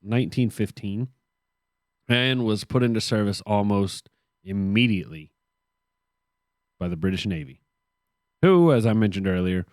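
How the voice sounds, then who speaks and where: Reading history from notes on a casual podcast he co-hosts, a man mixes in sarcastic, joking remarks. The dry, studio-quality recording captures his lowish, slightly mellow voice.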